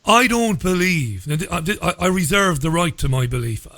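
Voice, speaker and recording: A man hosting a radio interview, speaking in a measured way and often repeating his first words. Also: sits high, animated, sharp tone, no echo. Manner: measured, repeats words when starting a sentence. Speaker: radio show host.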